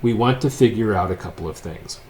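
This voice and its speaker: A man teaching a physics lecture in a casual, joking way, telling a story with wry asides before working through a problem. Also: a little fast. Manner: wry, joking storyteller, swings between loud and low asides. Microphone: unseen lecturer, voice-over of board work.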